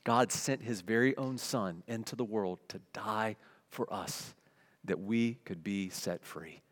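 In a church sanctuary with long hall reverb, a middle-aged pastor delivers a sermon, shifting from casual asides to forceful declarations. He speaks a little slowly in a lowish voice.

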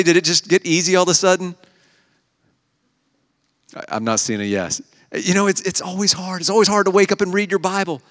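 A man in the pulpit delivers a relaxed, conversational sermon, slipping into little acted-out quotes as he tells stories. His voice sits a little high for a man. The sound carries a long reverb tail from the hall. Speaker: pastor.

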